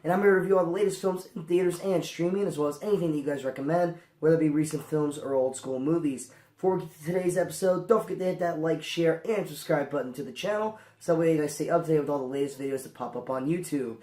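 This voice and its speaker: A man hosting a casual movie review vlog, hoarse from a cold, rambling with lots of ums and restarts. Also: a little high, mellow, echoey room.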